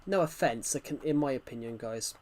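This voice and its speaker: British gaming streamer, young man, relaxed back-and-forth with chat. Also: mid-range voice, a little fast, slight background noise. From United Kingdom. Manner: chatty, answers viewers' questions as they come. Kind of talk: casual livestream chat while playing.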